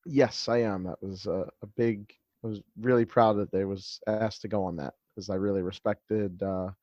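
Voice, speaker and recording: Male podcast guest, fairly low voice, modest and halting, heard over dull, dry remote audio. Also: fairly even intonation, darkish tone, dry recording. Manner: modest, halting, restarts his sentences. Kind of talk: interview conversation.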